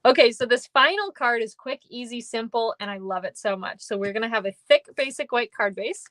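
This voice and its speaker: Slightly high and fairly quick, a woman's bright voice leads a live-streamed card-making session, dry in the recording. She stays chatty and upbeat, naming and thanking viewers as she works on her papercraft.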